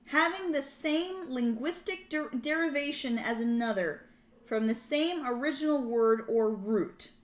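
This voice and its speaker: A woman's voice: high voice, animated, a little slow. A woman live-streaming her language study, reading prompts aloud, translating them and correcting herself as she goes in casual chat. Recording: echoey room with background noise. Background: keyboard typing and clicks.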